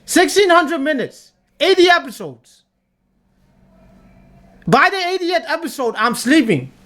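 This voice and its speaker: High and sing-song, the voice runs a little slow with a fairly bright tone over slight background noise. It belongs to a young adult streamer who rants at live chat about a tier list, repeating things forcefully and swearing frequently.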